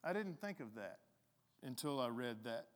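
A man's voice: mid-range voice, big pitch swings, normal speed. Man preaching casually in a reverberant hall. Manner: casual, conversational preaching with restarts. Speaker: pastor. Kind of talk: sermon.

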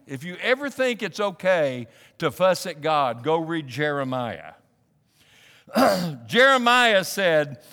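A man preaching a sermon as a pastor, animated and building up to emphatic, pressing questions. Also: fairly high pitch, measured pace, big-room sound. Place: church sanctuary.

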